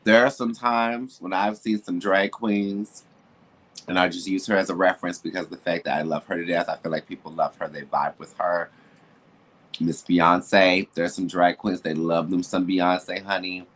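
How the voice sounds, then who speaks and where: Deep-voiced man, candid podcast chat. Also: level tone, moderate pace, a bit bright. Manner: candid, emphatic, drops into asides. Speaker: podcast co-host. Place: home, with building noise nearby.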